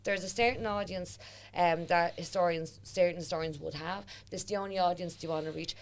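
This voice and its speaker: A woman's voice: lowish voice, fairly even intonation, fairly quick. A woman with a Dublin accent, a historian and author, chatting as a podcast guest and retelling stories with quoted voices. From Ireland. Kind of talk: casual podcast conversation.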